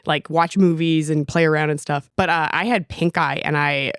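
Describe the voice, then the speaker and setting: A young adult woman co-hosting a podcast, telling stories in an animated way and reading verse in a sing-song manner. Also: low-pitched, moderate pace, smooth, no echo, clean studio sound. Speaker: podcast co-host. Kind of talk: casual chat and poem reading.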